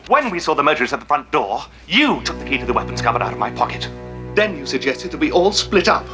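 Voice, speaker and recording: An actor playing a frantic butler who breathlessly reenacts a string of murders, in film dialogue over score music. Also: male voice, a little high, big pitch swings, fast talker. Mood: theatrical accusing. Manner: breathless, theatrical, accusing.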